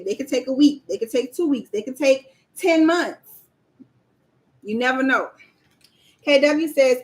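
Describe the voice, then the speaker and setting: High-voiced woman chatting on a livestream. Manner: chatty, talks straight to viewers and reads their comments aloud. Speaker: livestream host and proposal coach. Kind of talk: casual livestream chat.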